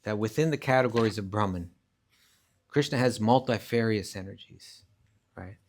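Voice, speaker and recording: A man's voice: on the low side, moderate pace. A man teaching a live scripture class, explaining emphatically, restarting phrases often and reciting verses in Sanskrit. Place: class at a rural retreat centre.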